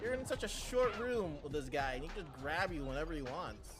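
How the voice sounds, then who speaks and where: A man's voice: fairly high pitch, brisk. Chatty guy streaming games, voice bounces up and down a lot, laughs a bunch. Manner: animated, chatty, laughs often. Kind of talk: casual gameplay commentary. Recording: game music under the voice. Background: game music.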